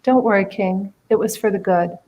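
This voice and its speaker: A calm, loyal young farmer, put on by a woman telling the story, speaks gently and steadily, in a reassuring tone. It is a quiet storybook figure, spoken in the teller's everyday voice. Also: mid-range voice, normal speed, close to an everyday voice. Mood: serene.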